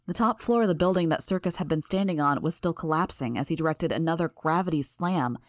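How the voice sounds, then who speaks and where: A woman narrating a first-person audiobook in a steady, measured reading. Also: sits low, dry recording, studio quality.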